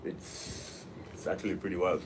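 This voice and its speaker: A man's voice: deep voice, steady tone, moderate pace, noisy background. A man hosting a live stream in a casual, rambling way, sounding a little sick and repeating himself. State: sick, voice slightly off.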